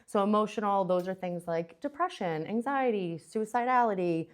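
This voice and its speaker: A woman's voice: mid-range voice, expressive, normal speed. A young adult woman giving a casual talk as a presenter, chatty and full of fillers and restarts.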